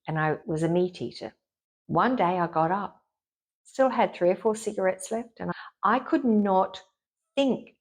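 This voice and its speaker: A middle-aged woman, a therapist, frankly and lively telling a personal story as a guest in an interview. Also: fairly low pitch, husky. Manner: frank and lively, acts out her own inner voice.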